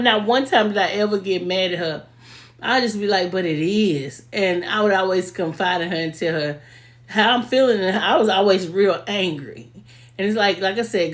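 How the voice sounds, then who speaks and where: A young woman, telling heartfelt, emotional stories about a late friend in a casual video, often laughing as she talks. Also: fairly low pitch. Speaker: vlogger paying tribute to a late friend.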